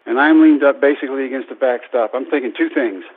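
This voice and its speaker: Heard through a tinny radio broadcast that sounds like a phone line, this thirtysomething baseball coach delivers a storytelling speech at a fast clip. His pitch is medium, and he animatedly performs the quoted voices in his personal tale.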